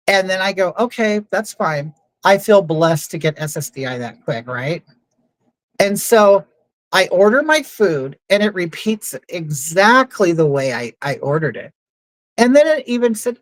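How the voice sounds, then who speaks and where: A woman's voice: mid-range voice, big pitch swings, normal speed, no echo, low-quality recording. A woman hosting a livestream, telling stories in a chatty, opinionated way with many asides. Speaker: livestream host. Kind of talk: casual livestream monologue.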